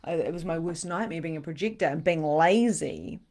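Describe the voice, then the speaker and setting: A middle-aged woman leads a live guided meditation, her voice soft and soothing with breathy sighs. Her pitch sits a little low for a woman, and she moves easily between gentle instruction and relaxed chat with viewers. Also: a little fast. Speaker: spiritual coach leading a live session.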